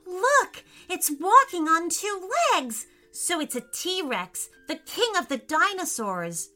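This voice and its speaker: Casting: woman putting on a high, eager little boy for a storybook, lively and animated. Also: slow pace, faint music behind, heavily acted. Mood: excited. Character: excitable young boy who knows dinosaurs.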